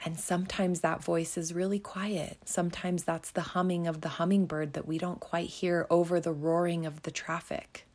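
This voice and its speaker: A woman's voice: fairly low pitch, little pitch movement, normal speed, few pauses, a little mellow. A woman hosting a reflective self-help podcast, speaking in a soothing, encouraging way and sometimes dropping to a whisper. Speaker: podcast host.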